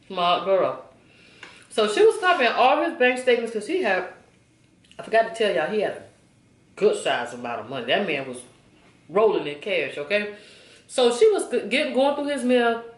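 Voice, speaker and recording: A woman in her forties telling a story to her viewers in a chatty, animated way, often checking in with them. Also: mid-range voice, roomy sound. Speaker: vlogger. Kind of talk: casual storytime.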